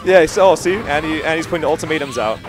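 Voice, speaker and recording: A young man doing live, joking, profane commentary on a fighting-game match at a tournament, yelling at big plays. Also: a little high, fast talker. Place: gaming tournament venue. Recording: live stream with crowd noise and music.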